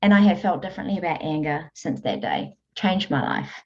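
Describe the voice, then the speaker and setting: A woman coach telling stories in an interview, earnest and animated. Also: low-pitched, a little fast. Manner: earnest, animated storytelling with frequent laughs. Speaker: guest, emotional eating coach. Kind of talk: conversational interview. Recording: dull lo-fi audio.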